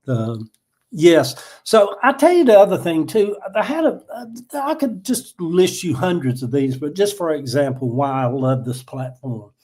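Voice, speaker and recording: A man's voice: fairly high pitch, big pitch swings, moderate pace, a little mellow. An older man hosting a casual live chat, telling stories in a folksy, emotional way. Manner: folksy and emotional, addresses viewers as y'all. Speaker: livestream host.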